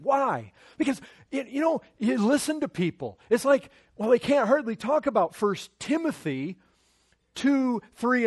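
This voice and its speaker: A male preacher with a fairly high voice, delivering an impassioned sermon. He builds to loud, urgent pleading, stumbling and restarting as he pushes his point.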